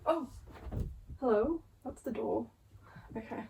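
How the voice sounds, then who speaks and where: A woman's voice: a little high, moderate pace. Chatty woman book vlogger. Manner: chatty, swears freely, exasperated humor. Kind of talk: casual chat.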